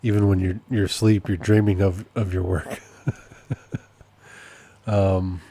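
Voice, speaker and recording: A man's voice: deep voice, level tone, unhurried, warm tone. A man hosting a casual solo podcast update, rambling and amused at himself, often repeating his points. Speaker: podcast host and process server.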